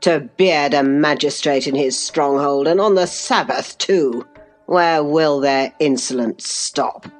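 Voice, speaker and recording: A woman's voice: low voice, slow, faint music behind, voice pushed down. A woman reading aloud, voicing a pompous, self-righteous old male magistrate.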